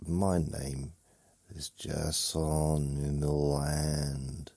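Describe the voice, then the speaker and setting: Sleepy podcast guy rambling on, super deep gravelly voice, dry close sound. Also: fairly even intonation, slow pace, darkish tone, dry recording. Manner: drowsy, rambling, chuckles at himself. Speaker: podcast host.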